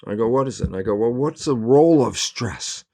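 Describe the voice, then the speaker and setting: A male scientist as an interview guest, explaining in lively storytelling and acting out both sides of remembered conversations, laughing often. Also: medium pitch, fairly quick, gravelly. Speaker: interview guest, cell biologist.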